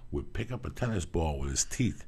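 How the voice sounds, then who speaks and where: A man with a very low, gravelly voice tells a long personal story in loose, casual talk. His tone is husky and rough, he swears freely and acts out the lines of the people in his story. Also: fairly quick. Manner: profane, animated storytelling, acts out quotes.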